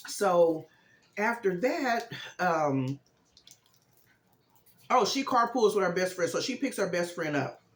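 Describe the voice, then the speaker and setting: A man's voice: high-pitched, lively intonation, takes it slowly, pauses often, echoey room. A man vlogging a casual, rambling retelling of a movie plot, chatting like a storyteller.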